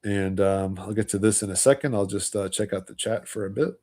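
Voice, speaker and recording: Rambling low-voiced man hosting a stream. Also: fairly quick, mellow. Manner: rambling, full of "you know" and "like"; chuckles between points. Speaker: livestream host. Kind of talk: casual livestream commentary.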